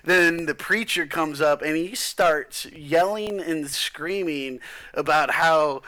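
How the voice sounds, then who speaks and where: A man's voice: on the high side, slow, pushed and bright. Rambling, swearing man telling a story. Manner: rambling, profane, full of fillers. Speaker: guest. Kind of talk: casual storytelling.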